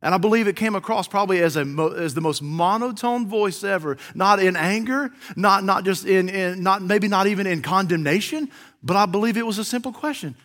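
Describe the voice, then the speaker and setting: A man preaching a sermon, swinging between loud, ringing cries and hushed, quiet questions. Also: high-pitched, a little fast.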